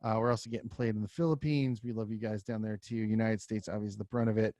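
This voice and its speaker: A man's voice: fairly low pitch, steady tone, quick pace, warm tone, dry recording. A man co-hosting a music podcast, chatting loosely with many fillers and restarts. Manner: loose, rambling, lots of fillers. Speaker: podcast co-host. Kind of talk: casual podcast chat.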